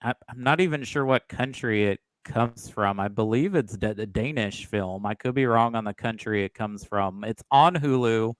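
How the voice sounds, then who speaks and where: Smooth-voiced man in a dry room. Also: fairly low pitch, normal speed, hardly any pauses, no room sound. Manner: chatty and opinionated. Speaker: podcast guest. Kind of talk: casual film discussion.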